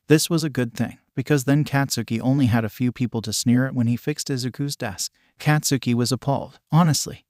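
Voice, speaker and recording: A man reading fanfiction aloud in an even, flat scripted narration. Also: mid-range voice, no room sound, studio quality.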